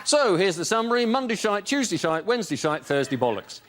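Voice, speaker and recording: A comedian delivers spoof lines in a dry, deadpan way. His voice sits a little above average. Studio noise is clearly audible behind him. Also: high voice, fairly quick. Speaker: comedian panelist. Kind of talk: mock weather report gags. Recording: noisy studio.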